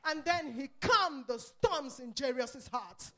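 High-voiced woman preaching fervently. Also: animated, slow. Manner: impassioned, swings from hushed to shouting; speaks in tongues between phrases. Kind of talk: sermon.

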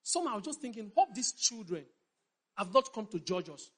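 A man's voice: high-pitched, sing-song, brisk, a bit bright, breathy edge, rough recording. A middle-aged Nigerian man with a Nigerian accent, preaching a sermon in an emphatic, repetitive way and often checking that his congregation understands. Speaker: pastor.

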